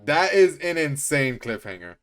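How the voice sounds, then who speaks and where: A man streaming a game, giving gushing, excited commentary and swearing casually. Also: on the high side, normal speed, soft background music.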